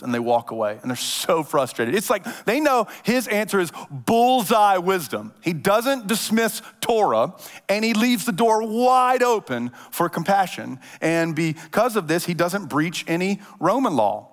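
A man preaching a sermon in a casual, animated storytelling manner, acting out voices as he tells the story. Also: sits high, moderate pace. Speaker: pastor. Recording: long hall reverb.

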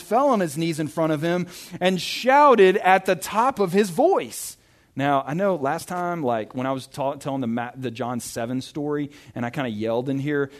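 Guy preaching a chatty sermon, kinda high voice, lots of restarts and asides. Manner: conversational, animated, with stammered restarts. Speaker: pastor.

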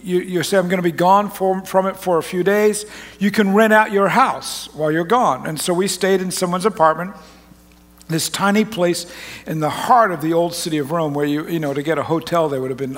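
A man preaching to his congregation, telling a rambling personal story in a folksy, joking way with frequent restarts. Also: sits high. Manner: folksy, rambling, self-interrupting. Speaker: pastor. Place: large church auditorium. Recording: long reverb of a large hall.

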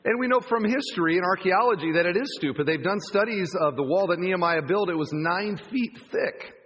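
A man preaching a sermon as pastor, telling the story vividly with lively asides. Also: high voice, a little fast, husky. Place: church campus auditorium. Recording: long church hall reverb.

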